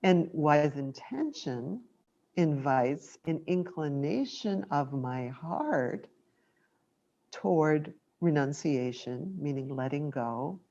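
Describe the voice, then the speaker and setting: A woman with a low voice gives a dharma talk as a meditation teacher. She speaks gently and reflectively, taking her time. The recording is dull and lo-fi. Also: lively intonation, takes it slowly.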